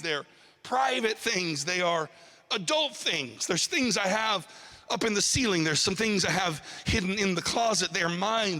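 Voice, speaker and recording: Preacher doing a desperate pleading man: high, strained, indignant, echoing hall. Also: sharp tone. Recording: long hall reverb.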